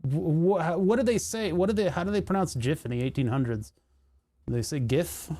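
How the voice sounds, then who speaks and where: A man's voice: on the high side, lively intonation, moderate pace, mellow. Jokey, rambling male streamer. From United States. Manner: rambling, jokey rants, laughs often. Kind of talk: casual live-stream chat.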